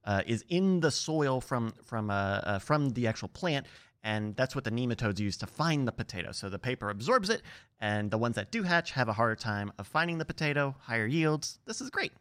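A man's voice: mid-range voice, expressive, a little fast, a bit bright. A man hosting a casual podcast quiz, reading trivia questions with lots of filler ums and uhs. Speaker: quiz host.

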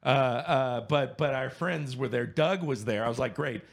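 A man in his fifties from Louisiana, telling a story in casual chat, animated, laughing and swearing freely. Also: medium pitch, moderate pace, gravelly. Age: 50s.

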